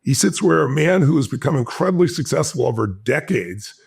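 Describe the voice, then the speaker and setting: A man telling a personal story in an animated, intense way, acting out the voices of the people in it. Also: mid-range voice, vocal fry, husky. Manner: fast, intense, acts out the dialogue in his anecdotes. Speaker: motivational speaker.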